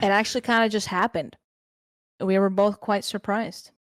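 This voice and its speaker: A young woman being interviewed about her life, answering in a halting, unhurried way with plenty of fillers. Her voice sits at an ordinary pitch and sounds dry and close to the mic. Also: steady tone, no echo. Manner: hesitant, halting, with fillers and soft laughs. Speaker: streamer guest.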